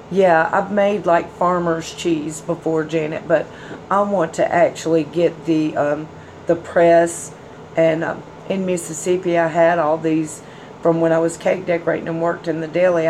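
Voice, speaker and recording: A woman's voice: deep voice, darkish tone, slight background noise, low-quality recording. A woman hosting a tarot livestream, chatting casually with viewers and reading their comments. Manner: chatty, folksy, addresses viewers as y'all and hon.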